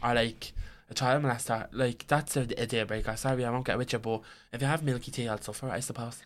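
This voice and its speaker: Young Irish man, podcast co-host, rambling and crude, mid pitch. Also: steady tone. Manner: rambling, crude, quick to laugh. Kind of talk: casual chat.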